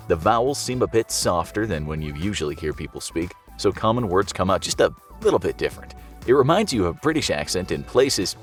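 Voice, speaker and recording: Man narrating over soft music. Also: on the low side. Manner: conversational, asks rhetorical questions. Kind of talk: scripted explainer narration. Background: soft background music.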